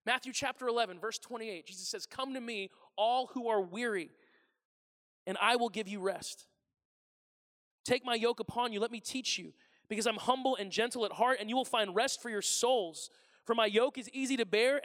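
Preaching from the church sanctuary, this pastor speaks in a high, pushed, bright voice that rings with long hall reverb. His sermon is conversational: he questions the congregation and performs the voices of those he quotes.

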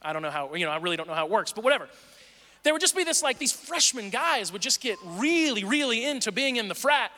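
Bright animated man telling a story. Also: high-pitched, fast talker. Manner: animated, acts out voices of people in the story. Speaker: speaker telling a personal story. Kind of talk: casual storytelling monologue. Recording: long hall reverb.

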